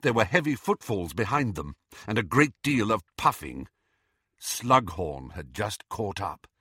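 Male narrator, dramatic storybook reading, lively pitch, bright tone, dry sound. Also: a little slow, husky, no echo. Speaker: audiobook narrator. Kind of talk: scripted narration.

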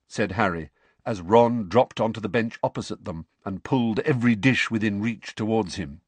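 Husky man narrating an audiobook. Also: on the low side, moderate pace, dry recording. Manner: expressive storytelling.

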